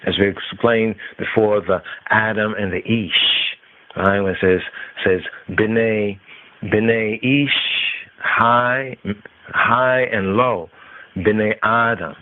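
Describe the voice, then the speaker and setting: A man teaching scripture on a podcast, slowly repeating and chanting Hebrew words. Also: fairly low pitch. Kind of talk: slow devotional scripture teaching. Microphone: phone line. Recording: tinny phone-line call-in radio.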